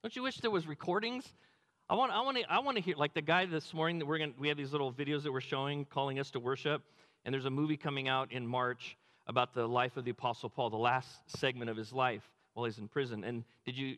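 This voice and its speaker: A man preaching a sermon, animated, acting out quotes with a dropped low voice. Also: long reverb tail. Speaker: pastor.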